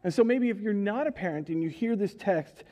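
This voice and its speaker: A middle-aged man preaching a sermon in a church, telling the story with animated voices and questions to the congregation. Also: high voice, fairly quick. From United States. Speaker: pastor. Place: church sanctuary.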